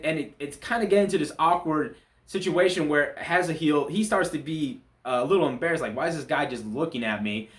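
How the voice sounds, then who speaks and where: A man walks through a Bible chapter in a loose, conversational way, stopping and restarting as he goes. His voice sits a little on the high side. The sound carries a noticeable room echo. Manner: relaxed, conversational, with frequent restarts and fillers. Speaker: church Bible study teacher. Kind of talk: casual Bible chapter commentary.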